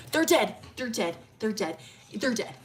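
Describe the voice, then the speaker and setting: A woman's voice: a little high, full character voice. A woman voicing a frantic, drunk young man who keeps repeating himself urgently.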